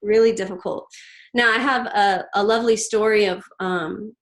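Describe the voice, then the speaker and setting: A woman in her thirties, a podcast guest, speaks earnestly and gently, pausing and restarting as she tells a personal story. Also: mid-range voice, steady tone, low-quality recording. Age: 30s. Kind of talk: reflective interview storytelling.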